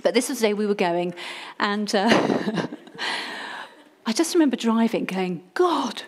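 A woman telling a lively personal testimony story, self-mocking and acting out her own past pleas. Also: mid-range voice, measured pace.

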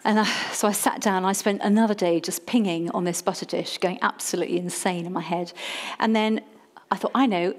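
A woman telling a lively personal testimony story, self-mocking and acting out her own past pleas. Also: medium pitch, brisk.

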